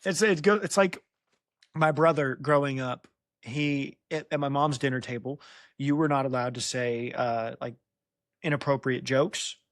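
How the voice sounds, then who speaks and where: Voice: mid-range voice, measured pace, dry recording, studio quality. Chatty teasing podcast host. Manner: chatty, teasing, laughs often. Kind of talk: casual chat retelling a book.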